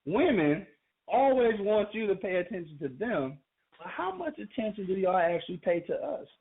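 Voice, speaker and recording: A man's voice: high voice, very animated, normal speed. A man co-hosting a call-in podcast, talking casually and repeating himself with frequent laughs. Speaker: podcast co-host. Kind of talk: casual radio talk. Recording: phone-like call-in radio audio.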